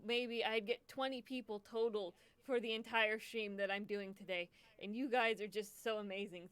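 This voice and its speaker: A woman's voice: a little high, sharp tone, clean tone, no room sound. A young woman hosting a charity livestream, emotional and choked up, stammering and repeating herself as she talks casually to her viewers. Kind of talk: casual live stream chat.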